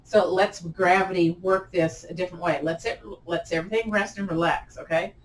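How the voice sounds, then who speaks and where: A woman teaching a gentle yoga class, chatty and encouraging, often laughing at herself. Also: fairly low pitch, fairly even intonation, brisk, reverberant, far from the mic, poor audio. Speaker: yoga instructor.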